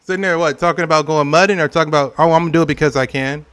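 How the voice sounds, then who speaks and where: A young adult man from California streams gameplay, chatting casually with viewers, joking, laughing often and acting out silly quotes. His voice is on the high side, clear and resonant with a fairly bright tone, and he talks rapid-fire with fairly even intonation.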